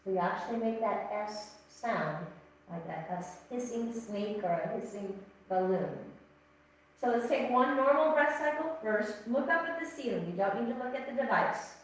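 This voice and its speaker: A woman teaching a yoga class, giving calm, gently paced cues and counting breaths. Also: a little high, moderate pace. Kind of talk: guided yoga instruction. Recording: echoey room, voice from a distance.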